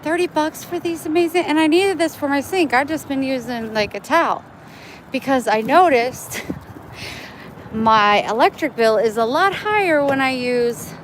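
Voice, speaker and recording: A woman's voice: high-pitched, normal speed, a little hiss or hum. A talkative, upbeat woman chatting with her viewers on a vlog, recorded on a phone outdoors in a parking lot. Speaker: vlogger. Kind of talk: chatty live-stream vlog.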